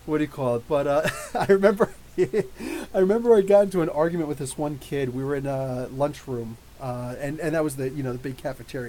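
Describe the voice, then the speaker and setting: Man, podcast host, rambling animated storyteller, slightly high voice, faint hiss. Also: rough recording. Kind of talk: casual live chat reading viewer questions.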